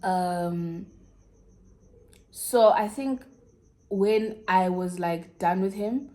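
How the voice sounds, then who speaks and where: A woman's voice: medium pitch, extremely slow, dark tone. A young South African woman with a South African accent, frankly telling a personal story to her viewers in casual, slangy chat. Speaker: YouTuber.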